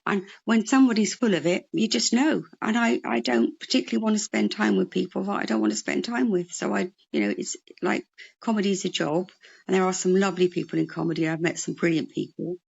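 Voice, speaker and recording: A woman, a comedian and mental health worker, telling lively anecdotes in an interview. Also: mid-range voice, brisk, creaky, husky, highs cut off. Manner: animated anecdotal storyteller. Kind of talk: storytelling interview chat.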